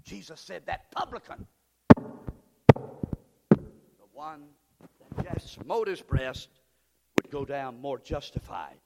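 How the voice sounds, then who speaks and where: A man preaching a sermon as pastor, moving between quiet asides and shouted, fervent appeals. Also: fairly high pitch, sing-song, slow, gravelly, pauses often, very noisy. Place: church sanctuary. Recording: long church hall reverb.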